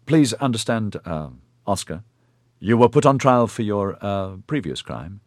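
A man voicing a patient, formal male clinic official who explains things in a measured, polite way with hesitant fillers. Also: on the low side, big pitch swings, no room sound, studio quality. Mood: explaining.

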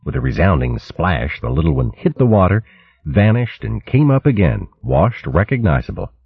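A man reads a storybook in a deep, husky voice with a very lively, animated pitch. The reading is measured, and the recording sounds dry and slightly muffled. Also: dry recording. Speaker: audiobook narrator. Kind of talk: scripted storybook narration.

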